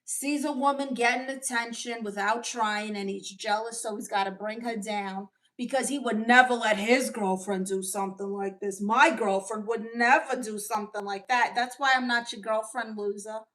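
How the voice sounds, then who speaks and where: Woman, sassy aunt streamer, brash, teasing, a little high-pitched. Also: fairly even intonation, moderate pace, few pauses, fairly bright tone. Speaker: livestream host reading chat. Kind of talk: comedic livestream character chat.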